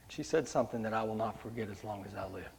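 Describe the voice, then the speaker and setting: Talking fast in a lowish, creaky voice, a pastor preaches a sermon straight to his congregation. The delivery swings from hushed storytelling to loud, fiery preaching.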